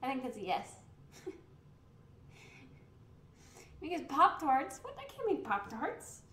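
A young woman streams from her home kitchen, cooking and rambling in a very animated, fairly bright voice that sits high and moves at normal speed. Her distant mic picks up roomy echo and a faint hiss.

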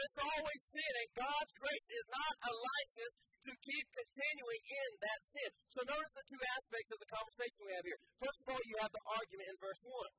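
A man's voice: extremely high pitch, fairly quick, few pauses, loud music behind the voice, rough recording. A pastor preaching a sermon in a church, emphatic and repetitive as he drives points home. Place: church sanctuary. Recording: sermon recording with background noise.

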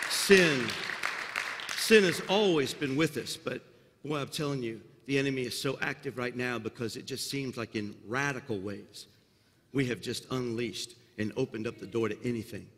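A man preaching a sermon as senior pastor in a church sanctuary, building to loud, fervent climaxes with folksy asides and a slight Southern drawl. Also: mid-range voice, moderate pace, some chatter behind, slight background noise. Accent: Southern US drawl slipping in. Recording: long hall reverb of a sanctuary.

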